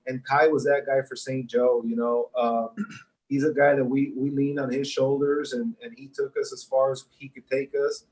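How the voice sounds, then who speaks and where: A man, a high school football coach, chatting casually and rambling, speeding up when excited. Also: moderate pace, poor audio. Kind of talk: casual chat.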